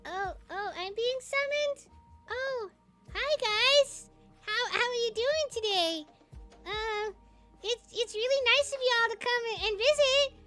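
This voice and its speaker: A woman's voice: extremely high pitch, animated, measured pace, bright, forceful tone, faint music behind, voice pushed up, heavily acted. A woman voicing a sweet, shy little puppet creature who talks in a timid, gushing, hesitant way.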